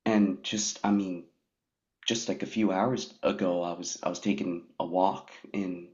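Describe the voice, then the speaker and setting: A man sharing personal experiences candidly, halting with many restarts and fillers. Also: low-pitched, steady tone, a little mellow. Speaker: participant. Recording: dull lo-fi audio.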